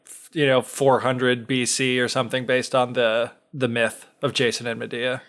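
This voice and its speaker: A man's voice: mid-range voice, flat delivery, normal speed, a bit bright. Wry man chiming in on a podcast. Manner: wry, offhand asides. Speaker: podcast co-host. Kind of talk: casual chat.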